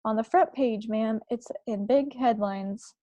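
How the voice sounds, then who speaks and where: A woman reading aloud, voicing an anxious older maid who speaks softly and deferentially. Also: on the high side, unhurried, no room sound, lo-fi sound, close to an everyday voice. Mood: fretful.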